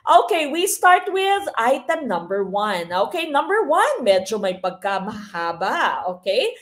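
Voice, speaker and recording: A woman's voice: a little high, big pitch swings, unhurried. A woman with a Filipino accent coaching a live online exam review, switching between English and Filipino and often asking "no?". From Philippines. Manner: mixes English and Filipino, frequent tag "no?".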